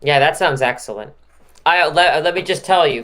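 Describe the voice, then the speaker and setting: An excitable commentator calling a card game match with emphatic hype. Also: medium pitch, normal speed. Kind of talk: lively play-by-play commentary.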